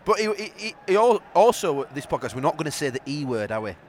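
A man talks quickly, his pitch bouncing all over as he teases and giggles on a football podcast. Faint outdoor noise sits under his voice in the press box. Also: sing-song. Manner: cheeky, giggly, teasing. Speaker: podcast co-host. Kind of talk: casual football podcast chat.

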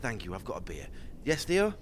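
A middle-aged man co-hosting a football podcast from home, excitable and often cutting in with reactions to the scores. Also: on the low side, a little fast, breathy edge. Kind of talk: casual podcast chat. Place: at home with children around.

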